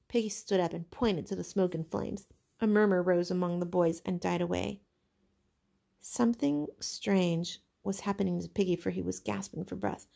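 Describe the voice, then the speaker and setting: A woman teacher reading a novel aloud in measured, expressive narration. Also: fairly low pitch, vocal fry. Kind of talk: storybook read-aloud.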